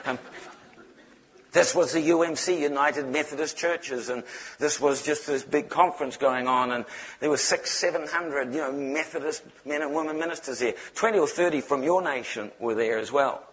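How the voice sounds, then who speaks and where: A man tells his testimony from the pulpit with animated, humorous storytelling. His voice sits a little high for a man. He moves between quiet, slow stretches and lively bursts. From New Zealand. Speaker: preacher. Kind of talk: testimony sermon.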